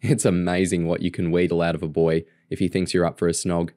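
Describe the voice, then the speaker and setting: A man's voice: sits low, flat delivery, fast talker, warm tone, no echo, studio quality, lightly acted. A man voicing a bossy, determined teenage girl agent who talks in urgent, clipped commands. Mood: conspiratorial.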